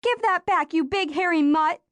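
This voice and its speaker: A woman voicing a spirited, sharp-tongued young girl in an audiobook. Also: high-pitched, expressive, normal speed, no room sound. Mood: shouting. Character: spirited young girl, quick to tease and scold. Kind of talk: audiobook character voice.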